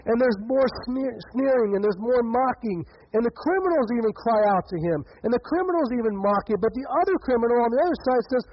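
A man's voice: very high voice, expressive, fairly quick. A male pastor preaching a sermon in an earnest way, often repeating words as he builds, in a dull lo-fi recording.

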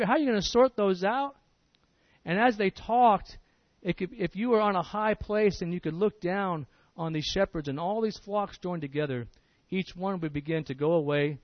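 A man's voice: high voice, no room sound, muffled recording. A man preaching a sermon in an earnest, emphatic way, often repeating words as he restarts a phrase.

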